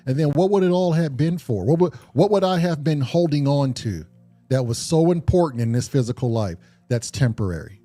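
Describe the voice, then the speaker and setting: A man's voice: on the high side, expressive, a little fast, warm tone, soft background music. A man on a podcast talking earnestly and reflectively, swearing casually and often restarting his sentences. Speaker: podcast co-host.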